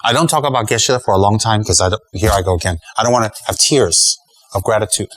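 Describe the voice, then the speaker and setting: A man's voice: lowish voice, quick pace, fairly bright tone, soft background music, poor audio. A middle-aged man giving a Dharma talk as a Buddhist teacher, emphatic and rhetorical, chuckling at his own jokes.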